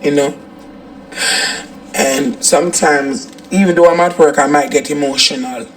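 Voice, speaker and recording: Male actor as a high-voiced, swearing Jamaican wife, emotional, comedy skit. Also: a little slow. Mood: tearful. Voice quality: patois slang, swears often. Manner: emotional, swings from ranting to crying. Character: fed-up Jamaican wife, tearful and crude.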